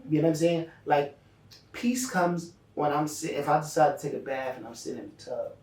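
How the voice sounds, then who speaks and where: A man's voice: fairly high pitch, fairly quick, a little mellow. A man who DJs, co-hosting a casual podcast chat, rambling through profane stories. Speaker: DJ and co-host. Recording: echoey room, distant mic.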